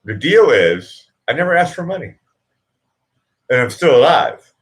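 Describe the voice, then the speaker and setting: A man's voice: medium pitch, very animated, unhurried. A middle-aged man hosting a casual live stream, chatting with viewers in a rambling, self-interrupting way and chuckling at his own jokes. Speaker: livestream host.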